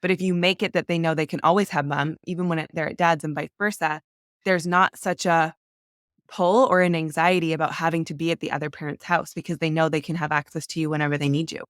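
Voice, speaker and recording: A woman's voice: low-pitched, fairly even intonation, fast talker, smooth, dry recording, studio quality. A woman in her thirties, a podcast guest, telling her story candidly and earnestly, with many "like" fillers.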